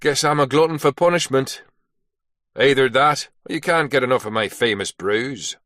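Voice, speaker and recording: A man's voice: mid-range voice, moderate pace, bright, forceful tone, no room sound, voice pushed up, close to an everyday voice. A man voicing a terse, sardonic SAS soldier. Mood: wry. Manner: dry, clipped.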